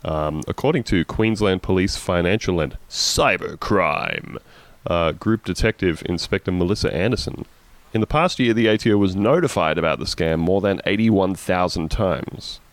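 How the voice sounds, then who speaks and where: A man hosting a casual comedy podcast, wry and deadpan, sounding tired. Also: deep voice, normal speed, no room sound. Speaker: podcast host.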